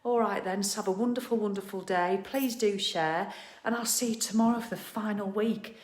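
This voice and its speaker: In a medium-pitched voice at normal speed, a middle-aged woman hosts a casual live chat from her living room at home. She talks to viewers cheerfully and bluntly, with mild swearing and laughter.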